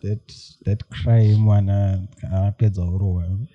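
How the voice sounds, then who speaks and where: A man's voice: on the low side, level tone, a little slow, muffled recording, slight background noise. A man co-hosting a podcast, chiming in with jokey, teasing remarks in casual chat. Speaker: podcast co-host.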